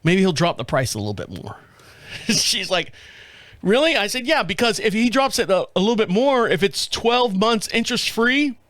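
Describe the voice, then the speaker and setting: Animated man telling a story on a podcast. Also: sits high, normal speed, no room sound, studio quality. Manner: animated, acts out quoted voices, laughs often. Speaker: podcast host. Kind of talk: casual storytelling monologue.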